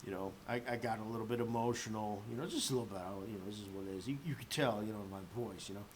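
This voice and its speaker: A vlogger, a little drunk, rants on his own in a rambling audio clip. His voice is fairly low and very fast, and his loose, profane talk is packed with fillers over faint background noise.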